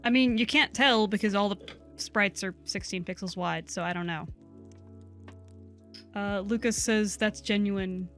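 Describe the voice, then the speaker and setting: A woman's voice: mid-range voice, unhurried, fairly bright tone, soft background music. A woman co-hosting a game stream, chatting casually with rambling asides and frequent laughter. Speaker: co-host and game player.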